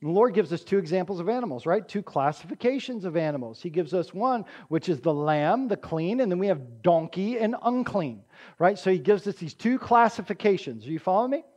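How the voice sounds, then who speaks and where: Animated high-voiced male preacher. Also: brisk. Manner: conversational, often checks in with the congregation; emphatic, acts out quotes with raised voice. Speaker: pastor. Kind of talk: sermon.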